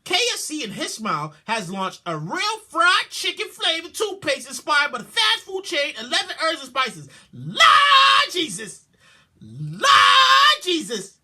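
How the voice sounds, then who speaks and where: A woman hosting a podcast, reading news headlines and reacting with loud exclamations, repeated words, swearing and a lot of laughter. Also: high voice, very animated, moderate pace, hardly any pauses. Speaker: podcast host. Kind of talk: comic commentary on news headlines.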